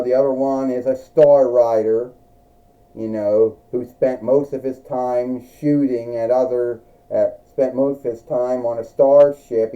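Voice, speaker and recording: A man's voice: medium pitch, close to an everyday voice. A man doing a defiant superhero wrestler woman. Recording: dull lo-fi recording.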